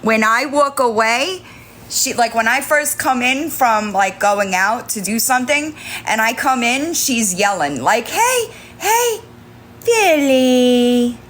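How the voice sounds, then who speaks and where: A woman hosting a casual livestream from home on her phone, switching between high sing-song baby talk to her kittens and chatty remarks to viewers. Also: measured pace, pushed and bright, a little hiss or hum. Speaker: livestream host.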